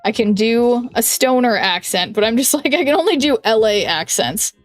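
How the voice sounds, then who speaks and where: A young woman streaming a card game, thinking aloud in a chatty way with lots of "like"s and quick restarts. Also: on the high side, animated, faint music behind. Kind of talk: casual stream chat while playing a card game.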